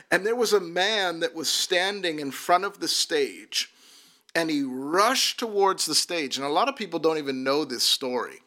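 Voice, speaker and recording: A man's voice: fairly high pitch, pushed and bright. A man who works as a minister, telling his personal testimony earnestly and often repeating words as he restarts a sentence.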